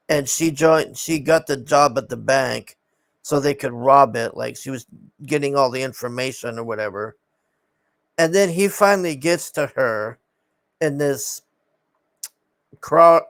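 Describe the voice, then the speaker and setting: A man's voice: medium pitch, vocal fry, no echo. A man casually recapping a film in a rambling, exasperated way, swearing often and sighing.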